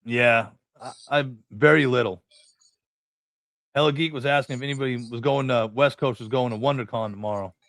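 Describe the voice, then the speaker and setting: A man's voice: medium pitch, steady tone, normal speed, fairly bright tone, dry recording, clean studio sound. Profane storytelling man from New England. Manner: profane, rambling anecdotes with acted-out dialogue. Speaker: podcast host. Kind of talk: casual storytelling chat.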